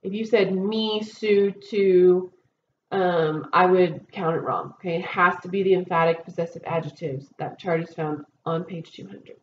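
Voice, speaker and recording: On the low side with fairly even intonation, this woman speaks at normal speed while reviewing a test with her Spanish students. Patient and peppered with ums and okays, the lesson comes through a dull, roomy recording with faint noise.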